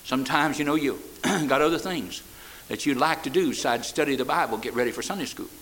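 A man's voice: medium pitch, fairly quick, fairly bright tone, slight background noise, low-quality recording. A man preaching a sermon, in a folksy style with repeated "amen" and stammered restarts. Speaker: pastor. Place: church.

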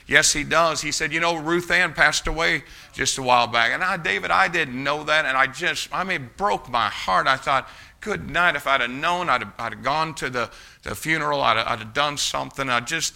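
A man's voice: a little high, moderate pace, vocal fry, sharp tone. A man preaching, telling a folksy personal story and urging his congregation on. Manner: folksy storytelling, rises to fervent exhortation. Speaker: pastor. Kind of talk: sermon with storytelling.

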